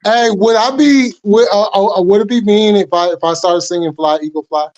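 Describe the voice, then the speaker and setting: High-voiced male caller on a dull line. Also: darkish tone, dry recording. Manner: halting, restarts often. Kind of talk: casual call-in chat. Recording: dull, dry remote line.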